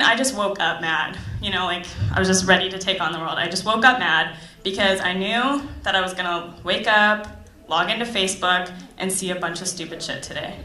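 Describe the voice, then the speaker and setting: Brief: young woman stand-up from Florida, sharp bright tone, sarcastic chatter, echoey club. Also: mid-range voice. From Tampa Bay, Florida. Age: young adult. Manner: chatty, sarcastic, full of "like" fillers. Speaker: stand-up comedian. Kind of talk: stand-up comedy. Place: comedy club stage. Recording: echoey comedy club room.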